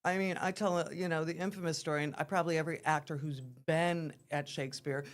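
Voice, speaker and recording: A woman's voice: low voice, fairly even intonation, fast talker. A woman from the theater scene, a guest on a morning TV chat show, explaining things eagerly and at length. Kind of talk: casual interview.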